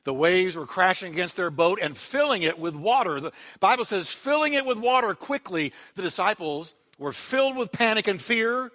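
A man preaching a sermon as pastor, dramatic, dropping to a hush on quiet words and leading the congregation in call-and-response. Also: high voice, lively intonation, normal speed, hardly any pauses, big-room sound.

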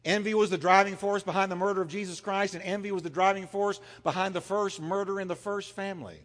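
A man's voice: sits high, fairly even intonation, fast talker, a bit bright, big-room sound. A man preaching a sermon as pastor. He talks emphatically, repeats his phrases and has the congregation say lines back to him.

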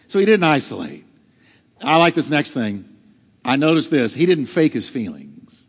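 A man's voice: on the high side, sing-song, normal speed, husky, long reverb tail. A male pastor preaching a sermon, acting out quotes with dramatic swings in delivery. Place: church hall.

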